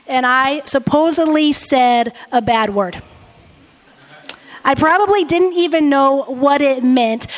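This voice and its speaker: A woman pastor in her forties, praying and preaching a sermon with earnest, lively storytelling. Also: high voice. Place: church sanctuary. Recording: reverberant church hall.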